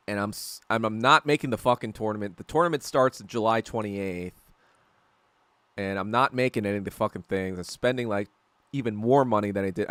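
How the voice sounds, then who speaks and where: A man's voice: lowish voice, a bit bright, clear, resonant tone, no echo. A young man hosting a casual podcast, telling rambling stories with frequent laughs and swearing. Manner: rambling storyteller, laughs often, swears a lot. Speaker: podcast host. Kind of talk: casual livestream chat while eating.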